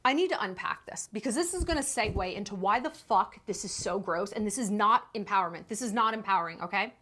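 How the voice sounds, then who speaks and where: A woman's voice: mid-range voice, expressive, quick pace, a bit bright. A woman in her thirties hosting a sarcastic commentary rant, incredulous and emphatic. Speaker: commentary YouTuber.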